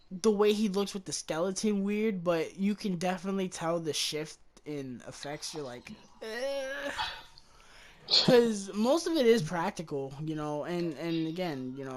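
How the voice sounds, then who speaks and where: A woman with a slightly low-pitched voice talks through a movie review on a podcast. Her delivery is loose and chatty, with casual swearing and sentences that trail away. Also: noisy background. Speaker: podcast host.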